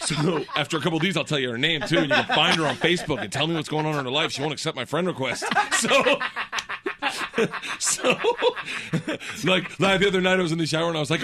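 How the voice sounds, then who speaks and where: A man in his thirties telling a story in casual chat, rambling and self-deprecating, laughing often and dropping into a low deadpan voice when quoting people. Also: fast, very noisy.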